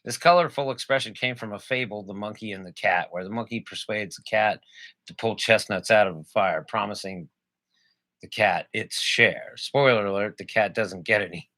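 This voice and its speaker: A man's voice: fairly low pitch, normal speed, sharp tone, no room sound. A man co-hosting a comedy podcast, rambling through jokes and laughing at his own bits. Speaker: podcast co-host. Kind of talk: joking casual chat.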